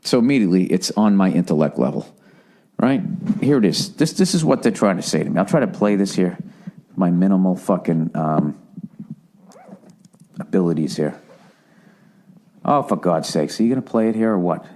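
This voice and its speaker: A man's voice: deep voice, animated, normal speed, pauses often, warm tone. Profane ranting middle-aged man. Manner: ranting, profane, self-mocking. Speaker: podcast host. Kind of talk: casual solo podcast monologue.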